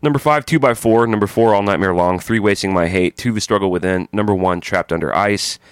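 A man's voice: lowish voice, brisk, smooth, no room sound, studio quality. A man co-hosting a podcast in casual chat, joking around and reading listener emails aloud. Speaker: podcast co-host.

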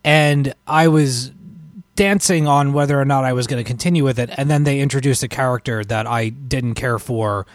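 A man on a casual comics podcast, recorded close and dry with no room sound. He talks in long, hesitant, winding sentences and pokes fun at himself. His voice sits at an ordinary middle pitch. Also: normal speed, no echo. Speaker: podcast co-host. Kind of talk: casual chat.

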